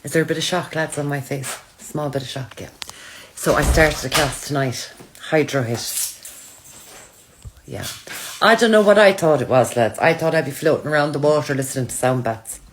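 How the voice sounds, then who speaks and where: A woman's voice: low-pitched, moderate pace, a little hiss or hum. A woman chatting casually to her followers, telling self-mocking stories. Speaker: social media creator.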